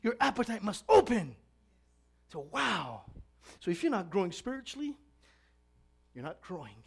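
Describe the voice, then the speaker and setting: A preacher delivering a sermon, swinging between shouted emphasis and quiet, low asides, and stretching out key phrases. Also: very animated, moderate pace, vocal fry, breathy edge.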